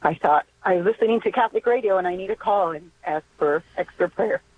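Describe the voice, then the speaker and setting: An older woman calling in to a radio show, speaking hesitantly with many pauses and fillers. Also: mid-range voice, slightly rough. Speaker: caller. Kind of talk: call-in radio prayer request. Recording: tinny phone line.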